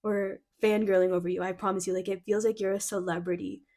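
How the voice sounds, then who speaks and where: A young woman doing a casual intuitive card reading, excitable and giggly, gushing and a bit flustered, full of "like" fillers. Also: mid-range voice, quick pace. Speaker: tarot card reader.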